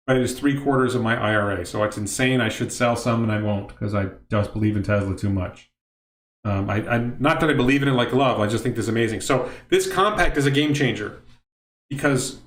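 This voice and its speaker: A middle-aged man talks casually on a livestream in a mid-pitched voice, reading viewers' questions aloud and wandering off into asides. He often stops and restarts his sentences. The room around him sounds echoey. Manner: rambling, self-interrupting, reads chat questions aloud. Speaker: livestream host. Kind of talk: casual livestream talk answering chat questions.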